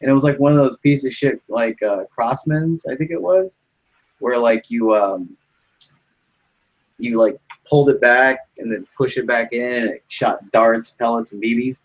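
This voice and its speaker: A man's voice: mid-range voice, moderate pace, lo-fi sound. A young man rambling through a story in casual chat, full of fillers and swearing.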